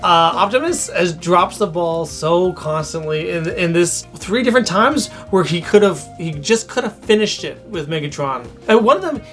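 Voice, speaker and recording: A co-host in a casual show review, playful and quick to laugh. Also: medium pitch, animated, a bit bright, soft background music.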